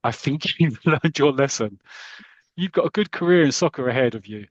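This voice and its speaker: A man's voice: mid-range voice, animated, normal speed, no echo, lo-fi sound, natural voice. A man voicing a posh, breezy male millionaire club owner in a comic-strip story, with a jovial upper-class drawl. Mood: magnanimous.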